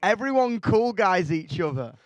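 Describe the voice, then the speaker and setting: Young man, musician guest, excitable rambler who swears, slightly high voice, dry studio sound. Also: moderate pace, no echo, muffled recording. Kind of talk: casual interview chat.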